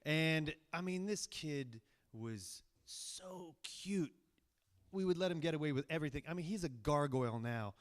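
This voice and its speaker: A man's voice: on the high side, lively intonation, a little slow. A man from Virginia telling a personal story on stage, rambling with many fillers and restarts and poking fun at himself. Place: stage of a cultural center, live audience.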